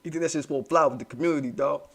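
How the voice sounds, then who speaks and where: A man with a fairly high voice and delivers a heated commentary monologue. He leans on street slang and profanity, repeating himself for emphasis as he rants to his audience. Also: rapid-fire, a bit bright. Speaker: commentary channel host.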